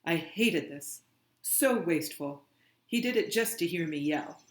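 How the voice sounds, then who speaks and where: A tough, weary grown woman gives blunt, clipped answers in a firm, somewhat louder voice , as a reader puts her on in a storybook. Her lines come slowly, each one given room. The reading sounds roomy and echoey. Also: mid-range voice, animated, natural voice. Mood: storytelling. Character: tough, weary adult woman driver from abroad. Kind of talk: audiobook reading.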